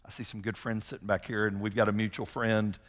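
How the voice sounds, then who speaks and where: A man's voice: lowish voice, level tone, fast, fairly bright tone. A middle-aged man preaching a sermon as a pastor, emphatic, repeating key phrases and telling personal stories. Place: large church sanctuary. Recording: long hall reverb from sanctuary.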